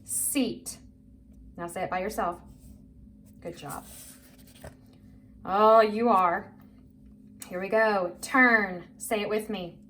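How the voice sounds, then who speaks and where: A woman leads young children through a phonics lesson, slow and encouraging as she draws out each word for them to repeat. Her voice sits at a middle pitch. A faint hiss runs under the recording. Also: a bit bright. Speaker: teacher. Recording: faint background noise.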